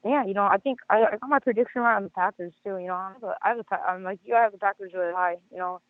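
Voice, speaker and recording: A hoarse man with a high voice calls in over a tinny phone line. He talks fast and rambles, tripping over himself with stammered restarts. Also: no echo. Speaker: caller. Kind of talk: casual sports call-in chat.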